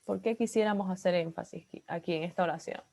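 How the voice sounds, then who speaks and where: A woman's voice: lowish voice, racing, gravelly, mellow. Bilingual woman teaching an English class. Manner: explains in English, then repeats in Spanish.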